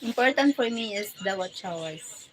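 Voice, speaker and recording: A woman's voice: medium pitch, expressive, a little slow, background noise. A woman from the Philippines hosting a casual live stream, who greets viewers by name and laughs often.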